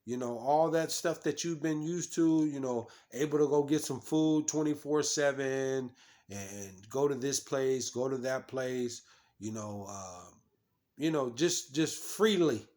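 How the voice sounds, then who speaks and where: A man's voice: mid-range voice, unhurried, darkish tone. A man preaching, reading scripture and commenting on it in a scolding, repetitive way, stumbling over restarts and fillers.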